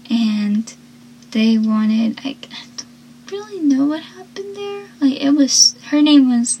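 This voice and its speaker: A woman's voice: on the high side, darkish tone, rough recording. A young woman casually recapping a TV episode, chatty and rambling, often correcting herself mid-sentence.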